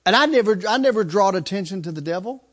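Animated high-voiced male preacher. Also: fast. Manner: animated storyteller, acts out screams and laughs. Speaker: traveling preacher. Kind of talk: sermon storytelling.

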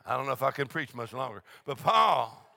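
A man from the preaching a charismatic sermon, shouting with joy and breaking into laughter. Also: mid-range voice, big pitch swings, a little fast, gravelly. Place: church meeting.

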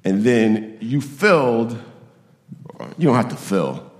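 Man pastor, lively pitch, preaching in a roomy hall, slightly high voice. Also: slow pace. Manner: animated, acts out quoted voices, repeats phrases. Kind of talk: sermon.

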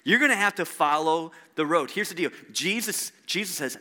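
Middle-aged male pastor, high and tense, chatty sermon full of rhetorical questions. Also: expressive, moderate pace, pushed and bright. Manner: conversational preaching with rhetorical questions to the room.

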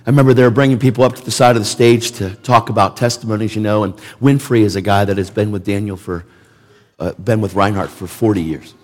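A man's voice: lowish voice, steady tone, fast talker, darkish tone. Emphatic male preacher in a reverberant hall. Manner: emphatic, conversational, repeats words for emphasis. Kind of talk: sermon. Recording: long reverb of a large hall.

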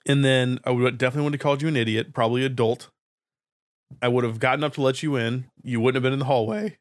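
A man's voice: mid-range voice, steady tone, fast, no room sound. Blunt teasing man, dry close sound. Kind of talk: casual chat.

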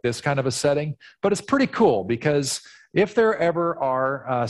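A male pastor preaching a sermon in an animated storytelling manner, acting out the voices. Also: medium pitch. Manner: animated storytelling, acts out quotes.

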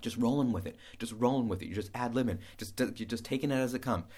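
A man talks through a relaxed lesson in a loose, rambling way. He trips over his own words, restarts, and fills gaps with playful scat sounds. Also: mid-range voice, fast talker, husky. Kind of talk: casual spoken lesson.

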